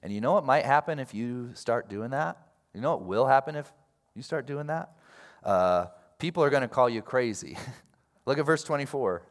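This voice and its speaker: A man preaching a sermon in a casual, animated way, going from quiet asides to loud bursts. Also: medium pitch, normal speed. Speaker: pastor.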